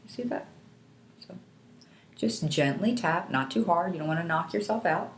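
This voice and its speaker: A woman instructor calmly guiding listeners step by step through a tapping technique, asking them to repeat after her. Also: lowish voice, moderate pace, slight background noise. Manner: calm, patient step-by-step guidance. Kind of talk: guided instructional demonstration. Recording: echoey room.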